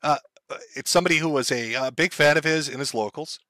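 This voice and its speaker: A man talks through events in a relaxed, explanatory way and often pauses on fillers. His voice is bright and a little high. The recording is dry and close. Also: no echo. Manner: conversational, explanatory, frequent fillers. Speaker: commentator. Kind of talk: casual commentary.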